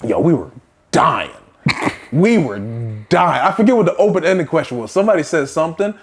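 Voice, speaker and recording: A young man, a podcast co-host, telling a story in a casual, animated way and acting out the people in it. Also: fairly high pitch, brisk. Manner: animated, acts out the voices of people in his stories.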